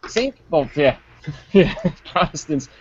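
A man's voice: on the high side, lively intonation, slow, slight background noise. Ranting profane man on a muffled call. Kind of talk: casual live chat. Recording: muffled online call audio.

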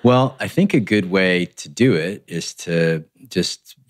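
A man, a relationship coach, explaining in a measured way on a podcast and often checking in with "right?". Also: deep voice, animated. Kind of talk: conversational podcast interview.

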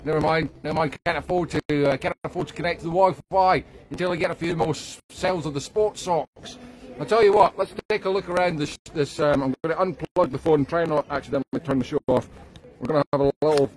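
A man's voice: on the high side, quick pace, lightly acted. A man putting on a cheeky cockney market trader, chatting in salesman patter with jokey asides at an outdoor yard sale, filmed on a phone. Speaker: guest host. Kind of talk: live-streamed comic character sketch. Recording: distorted phone audio, crowd outdoors.

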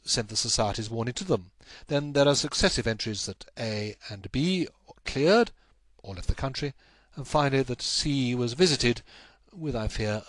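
A man's voice: medium pitch, fairly bright tone, dry recording. A man voicing a brilliant, intense Victorian male detective, speaking in a raised, emphatic, declamatory way.

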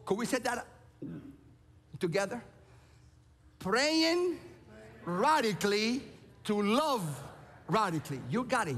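A man from Cuba preaching a sermon, playful and animated, calling out to people in the audience. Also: sits high, in a large hall, a little hiss or hum. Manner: playful, animated, calls out to the crowd. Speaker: pastor. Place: large church auditorium.

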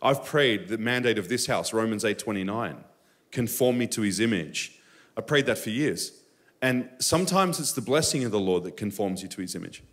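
A man preaching a live Sunday sermon in a church, moving between personal stories and emphatic high bursts. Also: expressive, moderate pace, fairly bright tone. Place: church sanctuary during a live service.

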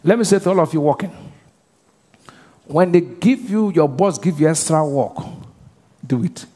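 A male pastor with a high voice preaches to his congregation. He leaves questions hanging for the crowd to answer. His voice rings out through the long reverb of a large church hall. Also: lively intonation, normal speed, warm tone. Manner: call-and-response preaching, asks the congregation to finish his sentences. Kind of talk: sermon.

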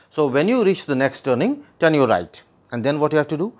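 A man with a fairly high voice walks a class through a scene of a play. He explains each line in plainer words and restarts sentences as he goes. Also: sing-song, brisk, hardly any pauses. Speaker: literature teacher.

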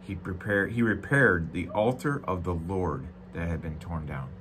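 Low-voiced pastor preaching with emphatic swings. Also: male voice, moderate pace, background noise. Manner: reads scripture aloud with asides and jokes; swings from loud emphatic delivery to quiet, low-voiced reflection. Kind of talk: sermon. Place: church.

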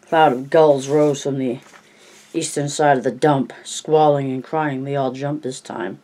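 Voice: medium pitch, fairly even intonation, a little slow, dark tone. An amateur audiobook reader narrating plainly, with coughs, stumbles and self-corrections.

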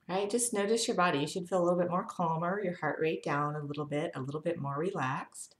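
A woman health educator leading viewers through a guided breathing lesson, talking calmly and counting breaths aloud. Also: fairly low pitch, quick pace, hardly any pauses, roomy sound.

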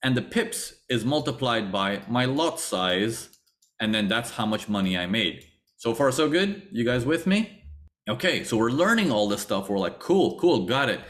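A man's voice: medium pitch, moderate pace. A man teaching a trading webinar, telling his own story with acted-out thoughts and repeated phrases. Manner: animated storytelling, acts out his past thoughts. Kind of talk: webinar lecture.

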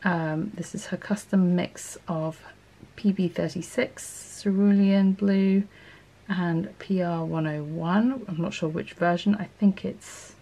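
A woman's voice: on the low side, fairly even intonation, takes it slowly, dark tone. A woman hosting an art channel, chatting casually and thinking aloud as she swatches paints, sometimes correcting herself mid-sentence.

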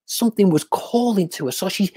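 A storyteller telling a children's story on a livestream, drawing out repeated words and dropping into hushed whispers for suspense. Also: mid-range voice, slightly rough, no room sound. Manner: slow, drawn-out repetition for effect.

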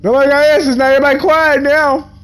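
A man's voice: extremely high pitch, little pitch movement, quick pace, fairly bright tone. A young man, doing comedic let's-play commentary and talking to game characters in a mock-dramatic way. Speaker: gaming YouTuber. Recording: game music underneath.

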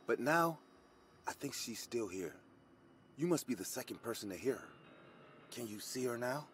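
A man voicing a grieving middle-aged woman hospital supervisor who speaks low and urgently. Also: animated, moderate pace, fairly bright tone, slight background noise, close to an everyday voice.

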